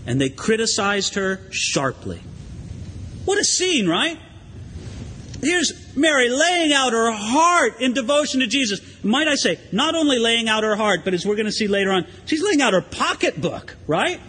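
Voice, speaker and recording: A man with a high voice delivers a sermon in a church, his words trailing into a long hall reverb. He preaches conversationally and animatedly, as a pastor talking straight to his congregation. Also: sing-song, normal speed, sharp tone, slightly rough.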